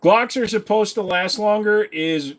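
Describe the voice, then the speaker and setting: Rambling man chatting on a stream. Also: sits high. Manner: rambling, offhand, quick asides. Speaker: streamer host. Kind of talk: casual livestream chat reading viewer comments.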